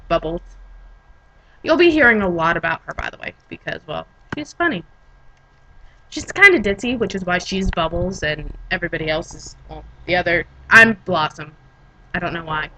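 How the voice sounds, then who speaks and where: Young woman from Pennsylvania, bright, chatty vlogger who rambles and corrects herself mid-sentence. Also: fairly low pitch, slight background noise, rough recording. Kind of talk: casual storytelling vlog.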